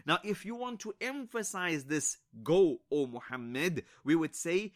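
A man teaching an Arabic grammar lesson in English. He speaks slowly and deliberately, repeats each example, and mixes Arabic words and religious phrases into his explanations. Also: high voice, expressive.

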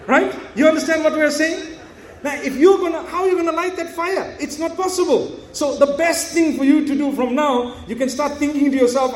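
A man preaching a sermon, telling a story and acting out the dialogue in an animated way. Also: extremely high pitch, a little fast, echoey room, slight background noise.

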